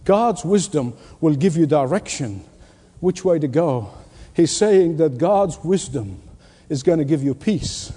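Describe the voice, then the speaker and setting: A pastor preaches forcefully in a high, mellow voice with a breathy edge, animated yet a little slow, his words ringing through a big hall with a long echo. He works the congregation by repeating key lines and swinging from loud delivery down to near whispers.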